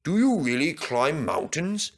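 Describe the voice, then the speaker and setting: A man's voice: fairly high pitch, very animated, measured pace, creaky, heavily acted. A man doing a curious little engine.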